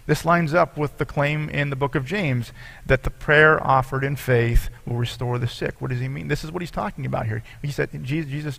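A man's voice: mid-range voice, gravelly, fairly bright tone. A pastor preaching a sermon, reading scripture aloud and explaining it to his congregation in an earnest way.

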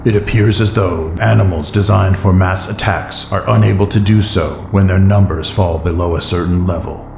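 A male audiobook narrator with a very deep voice, reading in a measured, steady way. His voice sits in a roomy echo, and faint music plays underneath. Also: gravelly.

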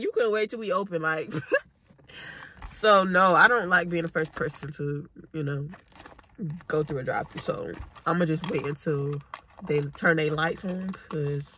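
A woman's voice: fairly low pitch, bright, forceful tone. Brief: woman in her 20s, easygoing vlogger who rambles, calls viewers y'all and baby, phone audio with plenty of background noise. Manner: chatty and slangy, addresses viewers as y'all and baby. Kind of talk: casual vlog talk to viewers. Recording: noisy phone vlog audio.

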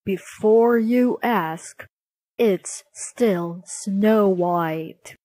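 A woman's voice: medium pitch, takes it slowly, darkish tone, no echo. A woman voicing a chatty, blunt magic mirror in a storybook reading. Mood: dry. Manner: chatty, matter-of-fact.

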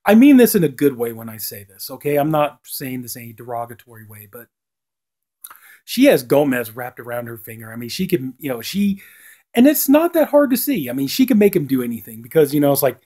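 Mellow man rambling through a review. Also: mid-range voice, big pitch swings, a little fast. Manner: rambling, heavy on "you know" fillers; acts out lines with a lifted voice. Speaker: TV episode reviewer. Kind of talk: casual spoken review.

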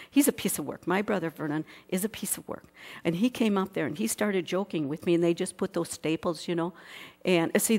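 A middle-aged woman giving a sermon, telling a personal testimony in an animated way and asking the congregation questions. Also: on the low side. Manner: animated storyteller, acts out voices, asks the congregation questions. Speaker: pastor's wife preaching.

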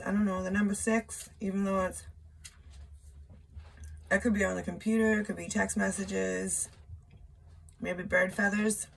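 A woman's voice: medium pitch, creaky, breathy edge. A woman giving a casual tarot reading, chatty and loose, with profane asides. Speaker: tarot reader.

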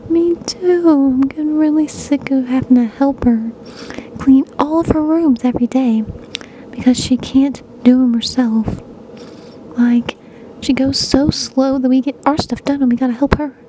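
A woman's voice: high voice, steady tone, measured pace, mellow, a little hiss or hum, low-quality recording. A young woman voicing a fed-up female pet coworker who complains with lots of fillers, in an amateur toy-pet short film. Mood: annoyed. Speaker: fan film voice actor.

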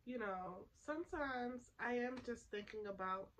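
A woman playing a soft, tearful twin sister. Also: fairly high pitch, a little slow, a little hiss or hum, poor audio. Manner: soft-spoken, hesitant, sighing. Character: emotional young woman reconciling with her twin. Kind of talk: class role-play simulation.

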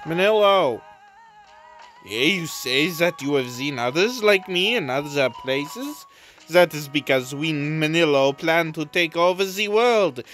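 A woman's voice: sits low, lively intonation, a little slow, soft background music. Lady doing a sly little merchant, boastful and theatrical. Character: scheming, boastful travelling merchant.

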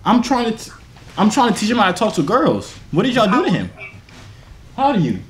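A man's voice: high voice, huge pitch swings, a little fast. A young man coaching his younger brother on a video chat app, teasing and laughing often. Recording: echoey room, faint noise.

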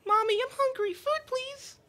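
A woman voicing a small, hungry village child, squeaky and whiny. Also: a little slow, pushed and bright, full character voice. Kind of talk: reading game dialogue aloud.

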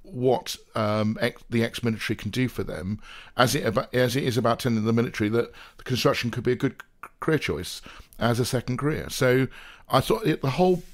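A podcast co-host from England's South Coast talks fairly quickly in a mid-range voice. He's casual and jokey, rambling off into playful digressions.

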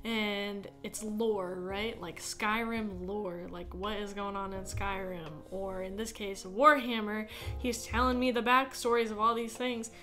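A woman's voice: medium pitch, flat delivery, a little slow, hardly any pauses, pushed and bright, faint music behind. A young American woman co-hosting a podcast, talking casually and hesitantly, with lots of fillers and giggles. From United States. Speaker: podcast co-host. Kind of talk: casual chat.

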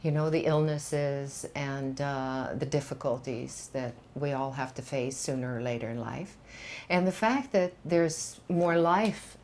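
An older woman with a Swedish accent and a notably low voice speaks as a guest in a candid studio interview. Her English is reflective and unhurried, with frequent pauses and fillers. A faint hiss sits under her voice. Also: darkish tone. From Sweden. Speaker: actress guest.

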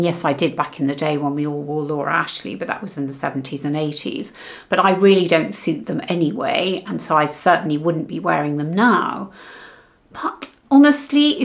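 Chatty middle-aged woman vlogger. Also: on the low side. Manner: chatty, warm and direct to viewers. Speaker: fashion and beauty vlogger. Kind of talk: casual fashion vlog chat to camera.

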